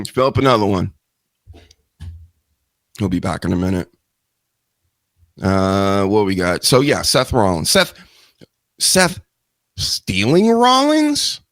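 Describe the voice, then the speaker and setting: A man's voice: on the low side, no echo. A man hosting a live wrestling news show, talking in a rambling, joking way with self-mocking asides. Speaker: host.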